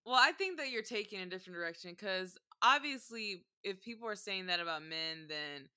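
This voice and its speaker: A woman's voice: mid-range voice, lively intonation, a little fast, bright, forceful tone, smooth. A young woman in a casual couple's debate, pressing her partner with pointed questions.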